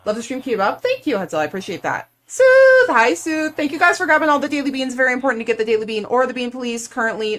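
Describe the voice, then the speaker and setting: A woman's voice: medium pitch, a bit bright. A young woman from the United States chatting casually and playfully on a live game stream, full of "like" fillers.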